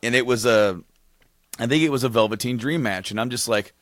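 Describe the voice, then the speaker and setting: A man co-hosting a casual podcast, rambling through a funny story, laughing often and getting excited as he goes. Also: medium pitch, fairly quick, no echo, clean studio sound. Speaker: podcast co-host. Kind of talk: casual chat, telling a story.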